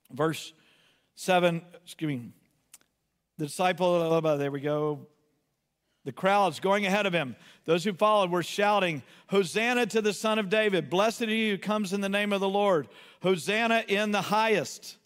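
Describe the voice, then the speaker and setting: A man preaching a sermon with passion, rising to shouted cries and then dropping to quiet asides. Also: high-pitched, long reverb tail. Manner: impassioned, builds to shouted cries, self-correcting asides. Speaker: pastor.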